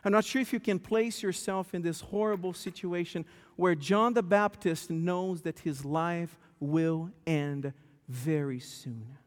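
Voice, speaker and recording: A male pastor preaching a sermon, telling a story with lively, stammering restarts. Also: on the high side, unhurried. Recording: long church hall reverb.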